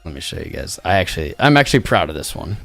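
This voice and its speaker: Male stream host, worn out, low-pitched, loose rambling delivery with faint music under him. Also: very animated, fast talker, vocal fry, a bit bright. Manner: rambling, jokey, trailing off. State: tired. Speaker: crypto livestream host. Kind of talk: casual livestream chat.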